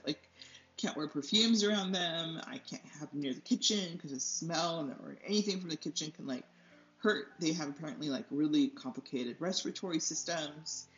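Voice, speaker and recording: A young woman hosting an art tutorial, chatting casually while she paints at home, rambling, losing her train of thought and laughing often. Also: sits low. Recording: slightly dull lo-fi sound.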